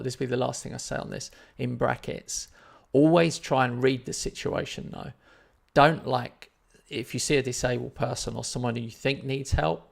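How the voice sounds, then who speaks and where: A man's voice: mid-range voice, gravelly. A man telling a story in casual chat on his live stream, rambling and self-deprecating.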